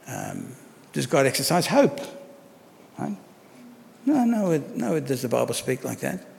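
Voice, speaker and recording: A man's voice: medium pitch, huge pitch swings, measured pace, gravelly, darkish tone. Man preaching in a reverberant hall. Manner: conversational preaching with rhetorical questions. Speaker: pastor. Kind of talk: sermon.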